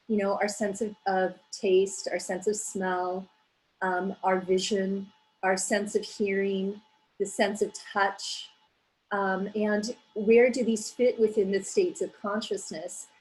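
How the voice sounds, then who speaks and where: Woman giving a measured academic talk. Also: medium pitch, darkish tone, poor audio. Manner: measured, explanatory, with frequent fillers. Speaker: graduate student presenter. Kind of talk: academic presentation.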